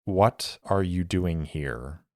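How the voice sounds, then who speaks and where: A man's voice: low voice, moderate pace, no echo, clean studio sound, lightly acted. A man voicing a guarded, stern young woman with clipped, wary lines.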